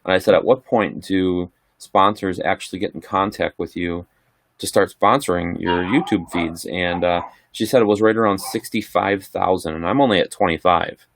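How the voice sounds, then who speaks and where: A man's voice: deep voice, moderate pace, no echo, studio quality. A middle-aged man casually chatting on a livestream, answering viewer questions in a rambling, laid-back way. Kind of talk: casual live chat.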